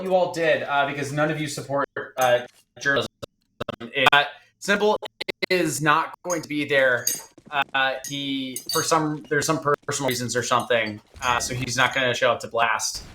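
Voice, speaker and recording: A man hosting a casual watch-party stream. He talks in an animated, joking way and swears freely. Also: medium pitch, slight background noise. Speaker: stream host.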